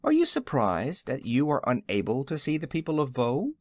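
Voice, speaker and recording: Brief: gentle invisible mother, soft and friendly, male narrator's voice. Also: medium pitch, huge pitch swings, normal speed, no echo, studio quality. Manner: soft and curious.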